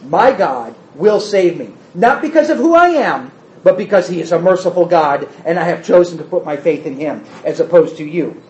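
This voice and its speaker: A man's voice: on the high side, lively intonation, moderate pace, a little mellow. A man teaching a Bible study class, asking the group rhetorical questions. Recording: roomy, slightly dull recording.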